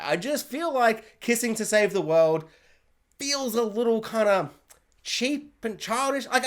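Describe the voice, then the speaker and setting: Animated man ranting a review. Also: sits high. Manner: animated, jokey, acts out scenes in silly voices. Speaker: show reviewer. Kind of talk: casual review rant. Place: hot room at home.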